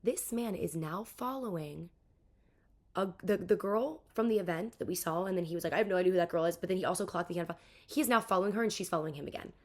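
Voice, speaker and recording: A young woman in her twenties telling a casual storytime rant, chatty and profane, dropping into mock voices. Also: on the low side. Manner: fast, chatty, swears a lot, lively mock voices. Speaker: vlogger.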